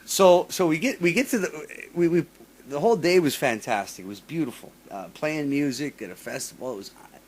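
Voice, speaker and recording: Profane storytelling man, animated. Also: a little high, fairly quick, breathy edge. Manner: profane, animated, restarts often, mimics others. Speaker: podcast host. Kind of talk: casual storytelling chat.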